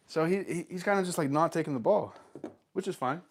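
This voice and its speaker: A man with a stuffy nose who runs short of breath, explaining dog training casually and talking softly to the dog. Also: a little high, a little fast, husky. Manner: relaxed, talks softly to the dog between explanations.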